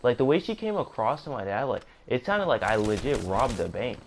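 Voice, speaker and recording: A man's voice: mid-range voice, big pitch swings, a little fast, a little hiss or hum. A young man casually narrating a storytime, rambling with self-corrections and joking asides. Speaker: gaming streamer.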